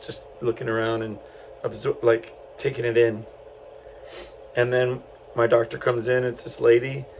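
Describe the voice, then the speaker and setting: Over slight background noise and poor audio, a middle-aged man from San Antonio, Texas, hosts a podcast and tells a solo story casually, rambling with lots of fillers and restarts. His voice is medium-pitched and darkish, with little pitch movement and a moderate pace.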